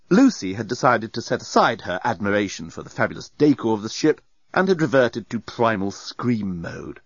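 Wry, expressive male audiobook narrator. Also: lowish voice, normal speed, breathy edge, no echo, highs cut off.

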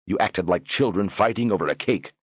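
A man's voice: sits low, fairly quick, breathy edge, no room sound, studio quality, pitched above the performer's own voice. A man reading a stern, commanding young lord. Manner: firm, lecturing.

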